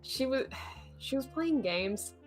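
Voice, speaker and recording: A woman's voice: high-pitched, lively intonation, takes it slowly, faint music behind, poor audio. Joking Australian woman co-hosting. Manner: joking, swearing, laughs often. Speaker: co-host. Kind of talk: casual chat.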